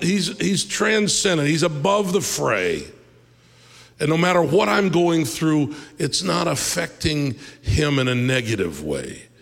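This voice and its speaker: A man preaching a sermon as pastor, in a conversational, animated way with asides and quick laughs. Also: fairly high pitch, creaky. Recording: reverberant hall.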